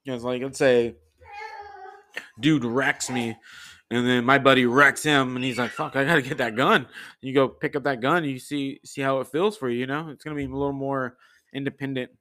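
A man's voice: mid-range voice, flat delivery, moderate pace, fairly bright tone. A man hosting his own podcast, chatting loosely and rambling a bit, with many fillers and restarts. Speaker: podcast host. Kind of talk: casual solo podcast chat.

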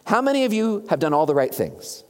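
A preacher delivering an animated sermon, asking the congregation questions directly. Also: medium pitch, fairly quick. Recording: long hall reverb.

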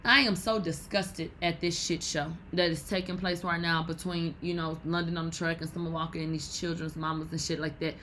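A woman in her thirties hosts a gossip podcast with a bright, forward voice. She talks bluntly and profanely, loud and animated, with faint noise in the background. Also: low voice, a little fast, few pauses, low-quality recording. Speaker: podcast host. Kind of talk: casual gossip commentary.

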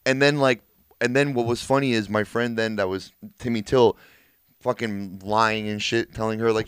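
A man's voice: on the low side, moderate pace, fairly bright tone, clear, resonant tone, no room sound. A man in his twenties, a podcast co-host, telling a story casually among friends, laughing often and swearing, with lots of filler words.

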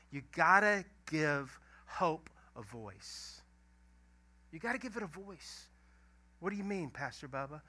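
A middle-aged pastor, preaching a lively, emphatic sermon full of stories. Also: male voice, fairly high pitch. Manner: animated, emphatic storytelling preaching.

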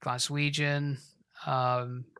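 A man in his thirties from England with a softened Yorkshire accent, an English teacher answering interview questions in a relaxed, rambling way over a video call. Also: mid-range voice, extremely slow, clean tone, dry recording. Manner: relaxed, rambling, many fillers.

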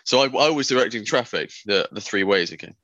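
A man with a lowish, forceful, edgy voice spins a rambling, sweary anecdote on a podcast. He keeps slipping into impressions of the people in his story. The sound is close and completely dry. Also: animated, quick pace, dry recording, muffled recording. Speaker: podcast co-host. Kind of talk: casual storytelling chat.

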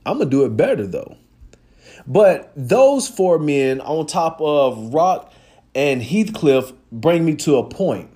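Guy on a podcast going off, high pitched, super expressive, swears a lot. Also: takes it slowly. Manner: animated, profane, emphatic storytelling. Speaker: podcast host. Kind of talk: casual monologue.

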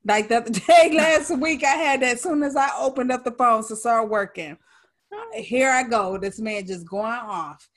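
Middle-aged woman, slightly high voice, animated storyteller who acts out family scenes. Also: moderate pace. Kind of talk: casual parenting chat.

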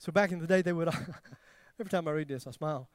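A man preaching a sermon, swinging between loud emphatic questions and near-whispered tenderness, with self-deprecating humor. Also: on the high side, fast talker, dry recording, clean studio sound. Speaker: pastor.

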